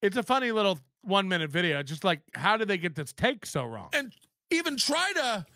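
A man's voice: high-pitched, big pitch swings, brisk, bright, forceful tone, no echo, studio quality. A man hosting a podcast, ranting in mocking disbelief and laughing often as he reacts to clips. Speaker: podcast host.

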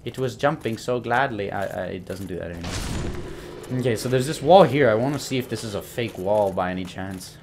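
A man's voice: fairly low pitch, a little fast, background noise. A young man giving casual commentary while playing a game, rambling, joking and swearing at enemies. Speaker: gameplay commentator. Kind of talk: casual let's-play commentary.

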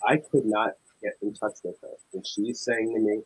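Young male paranormal investigator, husky voice, animated storyteller. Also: lowish voice, normal speed, poor audio. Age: young adult. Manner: animated, acts out dialogue in tense retelling. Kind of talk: casual storytelling.

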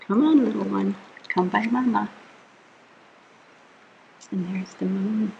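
A woman reading a bedtime picture book aloud to children, gentle and soothing, asking the listener little questions as she goes. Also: medium pitch, takes it slowly, vocal fry, highs cut off, slight background noise. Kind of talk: read-aloud storytime.

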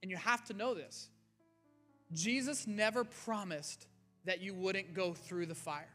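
Pastor guy preaching, earnest, chatty, bright tense voice, soft music behind. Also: high-pitched, normal speed. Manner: earnest, conversational preaching with rising emphasis. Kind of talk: sermon. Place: church sanctuary. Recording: faint music underneath.

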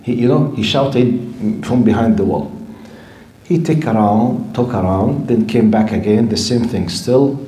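A man's voice: on the low side, a little slow, dark tone, reverberant, low-quality recording. A male lecturer teaching Islamic history to a live class, often asking the audience questions and using Arabic terms. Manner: keeps quizzing the audience, drops in Arabic terms. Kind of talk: recorded lesson to a live class.

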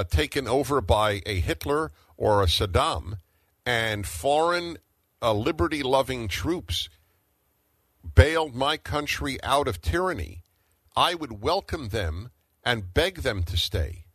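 A man's voice: medium pitch, fairly bright tone, no echo. A middle-aged man hosting a talk radio show, arguing emphatically and firing off rhetorical questions.

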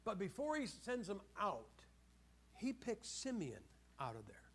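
A man preaching a sermon in an animated storytelling way, asking his listeners questions and acting out the voices of the people in the story. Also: sits high, measured pace, breathy edge. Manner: animated storytelling, asks the audience questions, acts out quoted voices.

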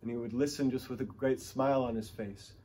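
A man's voice: medium pitch, steady tone, fairly quick, warm tone, slight background noise. A male pastor preaching a sermon, telling stories with emphatic, rising and falling delivery.

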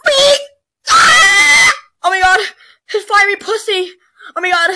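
A woman's voice: extremely high pitch, fairly even intonation, normal speed, sharp tone, shouting. A woman doing crude comedic fan dub voices, shrieking, rowdy and profane.

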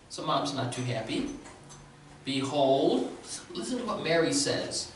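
A man's voice: on the high side, big pitch swings, slow, pauses often, a bit bright, slight background noise. A male pastor preaching a sermon in a conversational way with a sore throat, often checking in with the congregation. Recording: very echoey room, distant mic.

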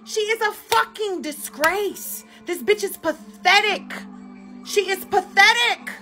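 Bright-voiced woman ranting angrily. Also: very high-pitched, slow pace, faint music behind. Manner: cursing, insulting, heated. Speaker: livestream host. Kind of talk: angry ranting commentary.

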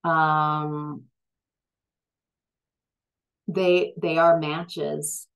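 Low-voiced lady doing a tarot reading, slow, lots of ums and restarts. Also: little pitch movement, creaky, low-quality recording. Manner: slow, hesitant, with many fillers and restarts; gets emphatic when frustrated. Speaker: tarot reader.

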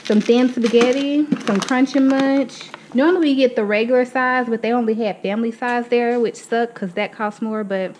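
A woman's voice: fairly high pitch, fairly even intonation, normal speed, hardly any pauses, a little mellow, slight background noise, poor audio. A young woman showing her grocery haul at home, chatty and calling her viewers y'all, a little out of breath. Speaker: vlogger. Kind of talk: casual grocery haul walkthrough. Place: home, indoors.

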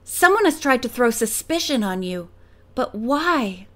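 A woman's voice: a little high, very animated, measured pace, fairly bright tone. A woman reading the part of an earnest, emotional young woman in an audiobook. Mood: firm. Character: young woman, inn owner, emotional and loyal.

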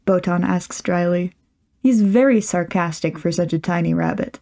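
Gravelly-voiced woman narrating a story. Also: fairly low pitch, steady tone, normal speed, mellow. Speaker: fan fiction reader. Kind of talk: audiobook narration.

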